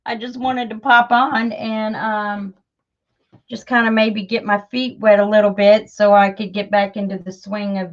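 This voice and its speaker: Slow-talking chatty woman. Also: a little high, lo-fi sound. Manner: chatty, self-deprecating, many fillers. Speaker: crafting channel host. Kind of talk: casual livestream chat while crafting.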